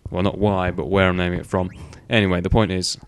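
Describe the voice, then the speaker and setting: Low-voiced guy rambling over gameplay. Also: flat delivery, fast talker, clear, resonant tone. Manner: rambling, swears casually, many fillers. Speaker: gaming video host. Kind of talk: casual gameplay commentary.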